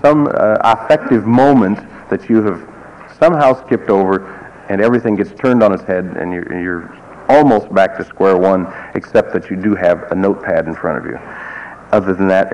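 A man's voice: lowish voice, a little mellow. A man teaching a class, explaining in a digressive, wry way with asides. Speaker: music teacher. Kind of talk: classroom lecture. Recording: muffled lo-fi recording, faint hiss.

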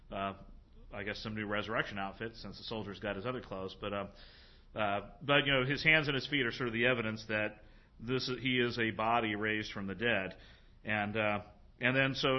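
A man lectures informally on a Greek New Testament passage, his voice sitting in an ordinary middle pitch. He thinks aloud with plenty of fillers and slows down to read the Greek words with care. The recording is somewhat dull and lo-fi.

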